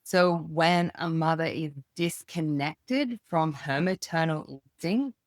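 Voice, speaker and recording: Low-voiced woman, reflective and unhurried. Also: no echo, clean studio sound. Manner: reflective, unhurried, thinking aloud with pauses. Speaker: podcast guest. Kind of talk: casual conversation.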